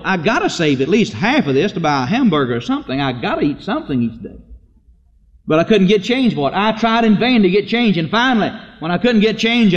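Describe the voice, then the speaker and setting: Preacher man telling folksy stories in a reverberant church. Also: highs cut off. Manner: humorous storytelling, rises in pitch for emphasis. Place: church sanctuary. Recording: long reverb of a church hall.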